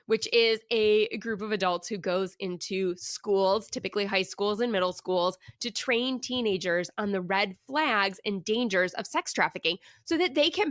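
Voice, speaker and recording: A woman hosting her own podcast, telling a personal story in an animated, emphatic way and asking the listener reflective questions. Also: medium pitch, dry recording, clean studio sound. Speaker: podcast host.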